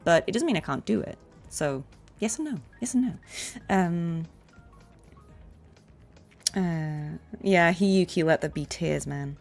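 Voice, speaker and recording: A voice actress chatting casually on a game stream and answering viewer questions. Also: female voice, fairly low pitch, animated, slow, pauses often, a little mellow, soft background music. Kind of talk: casual livestream chat.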